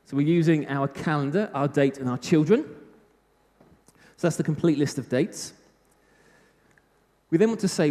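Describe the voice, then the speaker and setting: A man's voice: fairly high pitch, normal speed, pauses often, mellow. A British man giving a live technical talk at a conference, chatty with self-mocking humor. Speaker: conference speaker. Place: conference hall. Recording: reverberant hall.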